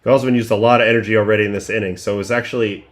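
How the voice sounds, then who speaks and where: A middle-aged man hosting a livestream, casually breaking down baseball pitches one by one and thinking aloud with restarts and fillers. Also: steady tone, rapid-fire. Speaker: livestream host breaking down game film.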